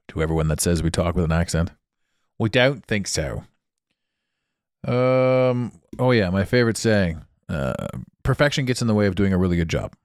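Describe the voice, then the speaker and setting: A man's voice: sits low, expressive, moderate pace, pauses often, dry recording, studio quality. A Canadian man hosting a solo podcast, chatting in a rambling way and laughing often, recorded in a small dampened room on a travel mic. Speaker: podcast host. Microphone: portable travel mic.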